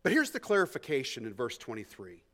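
A man preaching an expository sermon, emphatic, swinging between hushed asides and loud stresses, often repeating words as he thinks. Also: medium pitch, huge pitch swings, quick pace. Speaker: pastor.

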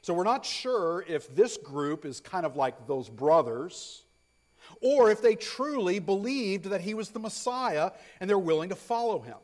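A male pastor preaching a sermon, emphatic, stressing points through repetition and swinging from loud declarations to hushed asides. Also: high voice, sing-song, unhurried. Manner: repeats phrases for stress.

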